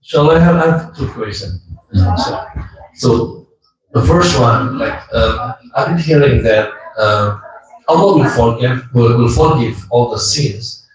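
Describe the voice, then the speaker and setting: A man in the audience asking a question, hesitant and halting with many fillers. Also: mid-range voice, animated. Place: mosque gathering hall. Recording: distant and echoey with crowd.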